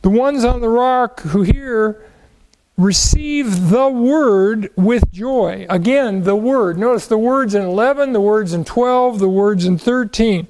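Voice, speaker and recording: A man's voice: high voice, measured pace, few pauses, darkish tone, rough recording. A man teaching the Bible verse by verse, asking questions and answering them, leaning on key words.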